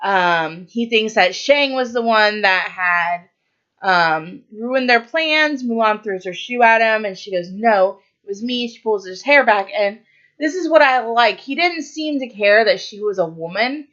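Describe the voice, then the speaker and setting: A woman's voice: medium pitch, animated, unhurried, fairly bright tone, lo-fi sound. A woman co-hosting a podcast, casually retelling a movie's plot with lots of fillers and quoted lines. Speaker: podcast co-host.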